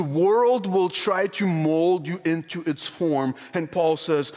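A male preacher with a high voice delivers an earnest, emphatic sermon. He asks his listeners pointed rhetorical questions and slows down, dropping low, whenever he quotes scripture. His voice rings with a long hall reverb. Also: darkish tone. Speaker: pastor.

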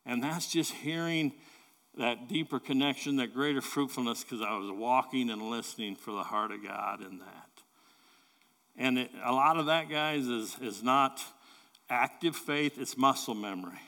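A man preaching a sermon in an earnest, halting way, often restarting and repeating words as he builds a point. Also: mid-range voice, pushed and bright. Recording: long reverb of a large hall.

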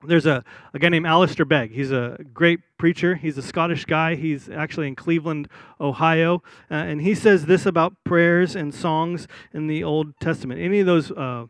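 A man preaching a sermon in an easygoing, conversational way, with fillers and restarts, who slows down to read scripture with solemn weight. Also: on the high side, dry recording. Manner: reads scripture slowly and solemnly. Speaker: pastor.

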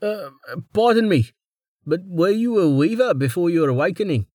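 A man's voice: sits high, lively intonation, moderate pace, warm tone, dry recording, voice pushed up. A man putting on a jittery weaver with a raised, eager-to-please voice that bows to every word. He sounds nervous and formal, recorded dry and close with no room sound. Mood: flustered. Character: anxious humble middle-aged male weaver.

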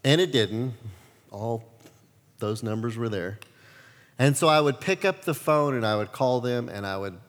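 A male pastor preaching a sermon, telling stories with lively acted-out quotes. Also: medium pitch, unhurried, long pauses, in a large hall. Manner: animated storytelling, acts out quotes.

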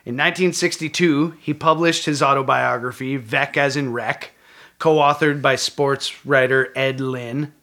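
A man's voice: mid-range voice, fairly even intonation, a little slow, sharp tone. Casual man reading history notes. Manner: reads from notes with small slips, jokes with co-host. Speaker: podcast co-host.

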